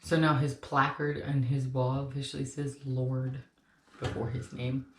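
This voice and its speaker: A woman's voice: rumbling low, flat delivery, measured pace, background noise. A young woman co-hosting a snack-review video, chatting casually and rambling with lots of fillers. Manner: rambling, filler-heavy storytelling. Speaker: co-host. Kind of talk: casual chat. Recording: echoey room.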